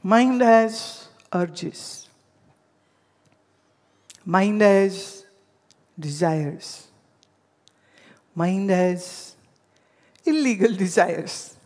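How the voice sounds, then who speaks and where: A woman gives a spiritual teaching, weaving in anecdotes and speaking straight to her listeners. She talks slowly and deliberately. A long hall reverb trails each phrase. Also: mid-range voice, expressive, darkish tone. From India. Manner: storytelling, addressing listeners directly.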